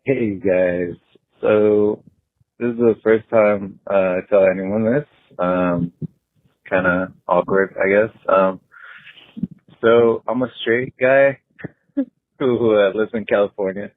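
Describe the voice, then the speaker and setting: A man in his thirties leaving a hesitant voicemail confession, full of pauses and fillers. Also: lowish voice, steady tone, no echo. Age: 30s. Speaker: caller. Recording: tinny phone line.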